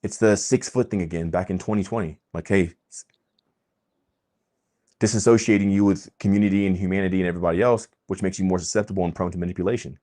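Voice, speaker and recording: Hosting his own channel, a man delivers a fervent, sermon-like monologue, alternating between loud outbursts and hushed asides. His deep voice moves at a quick clip with fairly level intonation.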